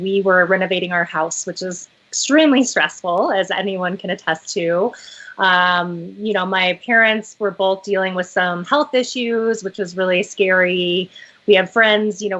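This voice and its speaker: A woman's voice: medium pitch, a bit bright. A woman who founded a company, talking about it as an interview guest in a friendly, chatty and slightly sassy way. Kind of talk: interview chat. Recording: dull lo-fi audio.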